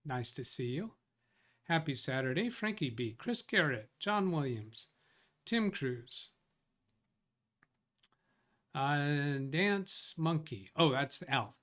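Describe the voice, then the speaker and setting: Hosting a tech support live stream, a man thinks aloud while reading viewer comments, rambling and correcting himself in a casual chat. His voice is a little high and a bit bright.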